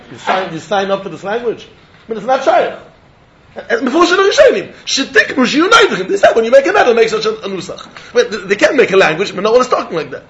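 A man with a high voice gives a Talmud lecture, swinging widely up and down in pitch. He talks in an animated way, laughing often as he explains. The recording sounds dull and lo-fi. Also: slight background noise. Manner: animated, mixes English with Yiddish and Hebrew terms. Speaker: Talmud teacher.

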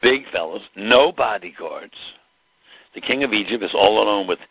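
A rabbi retells a biblical scene with dramatic emphasis. His voice is low and heavily gravelly. It comes across dry and tinny, as if over a phone line. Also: lively intonation, moderate pace, no echo. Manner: dramatic storytelling, acts out the scene. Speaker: rabbi teaching Torah. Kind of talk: Torah lecture mixing Hebrew and Yiddish terms.

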